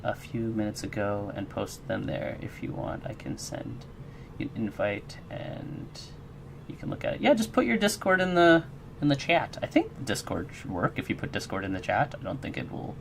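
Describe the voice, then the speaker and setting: A man's voice: fairly low pitch, very animated, moderate pace, creaky, noisy background. A man streaming his game development work, chatting casually with viewers in a rambling, friendly, encouraging way and answering chat.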